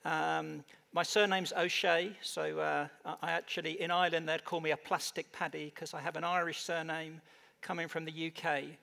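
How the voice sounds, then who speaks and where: English man with gravelly voice, stage panel. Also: on the high side, level tone, normal speed, pushed and bright. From United Kingdom. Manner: hesitant, many fillers and restarts. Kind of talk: conference panel talk. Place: conference stage. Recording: reverberant hall on stage mic.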